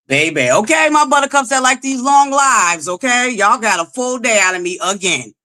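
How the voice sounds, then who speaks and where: A woman's voice: fairly high pitch, animated, moderate pace, bright, forceful tone. A woman hosting a live stream, chatty and swearing freely as she talks to her viewers. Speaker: livestream host. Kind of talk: casual live-stream chat.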